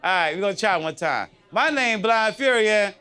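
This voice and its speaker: Lively high-voiced man doing stand-up. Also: normal speed. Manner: animated, chatty, keeps asking the crowd "you know what I mean"; laughs at his own punchlines. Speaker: stand-up comedian. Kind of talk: live stand-up storytelling. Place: comedy club stage.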